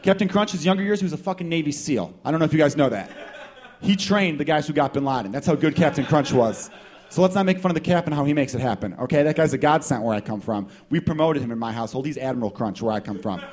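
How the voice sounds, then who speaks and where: A male stand-up comedian with a slightly high voice and a profane, riffing delivery. He works a small live crowd, swinging between loud bursts and mutters. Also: expressive, fast talker.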